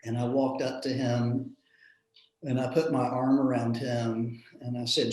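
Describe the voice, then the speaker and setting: A man's voice: medium pitch, little pitch movement, measured pace. Earnest man in a roomy space. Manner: earnest, reflective, with soft chuckles. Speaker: minister in a panel discussion. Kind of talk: personal storytelling in a discussion. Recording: roomy echo.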